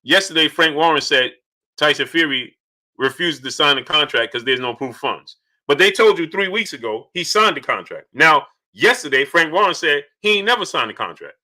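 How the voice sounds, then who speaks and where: A man hosting a casual live stream, shouting out viewers by name and repeating his points in an animated way. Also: a little high, moderate pace. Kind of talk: casual live-stream chat reading super chats.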